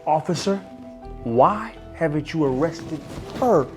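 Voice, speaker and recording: A man playing a grieving young man, drawn-out and pleading. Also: on the high side, lively intonation, darkish tone, soft background music. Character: grieving, angry young man who lost his dogs.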